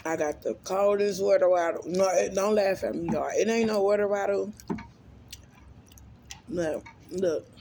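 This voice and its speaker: A woman's voice: mid-range voice, unhurried, gravelly, pauses often, dark tone, slight background noise. A woman vlogger chatting casually to her viewers between bites, humming and smacking as she eats. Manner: talks between bites, with lip smacking and hums. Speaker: mukbang vlogger. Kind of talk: casual eating vlog chat.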